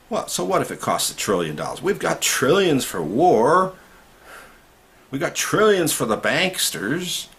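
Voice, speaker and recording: A man's voice: mid-range voice, a bit bright. A man giving an impassioned political monologue to camera, indignant and ranting, often rising to outbursts. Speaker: video commentator.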